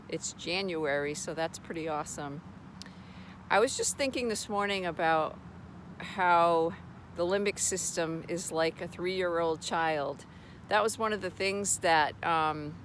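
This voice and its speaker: A woman's voice: fairly low pitch, a bit bright, slight background noise. A woman talking casually to camera, sharing brain retraining advice in an earnest, reassuring way with storytelling asides.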